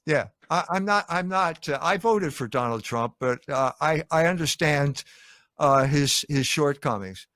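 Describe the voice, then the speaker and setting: Man, interview host, hesitant halting speech, high voice, dry close sound. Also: fairly bright tone, dry recording. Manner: halting, hesitant, many fillers and restarts. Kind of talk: interview conversation.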